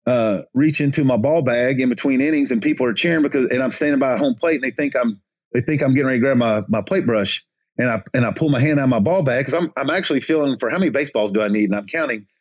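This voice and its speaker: A man's voice: medium pitch, fast talker, highs cut off. A man, a baseball umpire, telling a rambling story on a podcast, with many restarts, acting out crowd chants and quoted lines.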